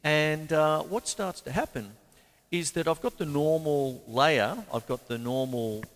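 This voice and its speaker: A man's voice: on the high side, measured pace, heavy background noise. An Australian man giving a casual drum lesson, rambling and chatty, counting beats aloud as he plays. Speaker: drum teacher. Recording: long reverb, loud drum kit behind. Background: drum kit playing.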